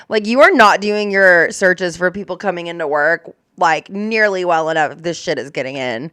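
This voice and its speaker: A woman's voice: mid-range voice, expressive, fairly quick, few pauses, a bit bright, no echo, studio quality. A young woman who works as a corrections officer, reacting to news clips in casual, blunt, profane chat full of "like". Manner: blunt, profane, chatty with many likes.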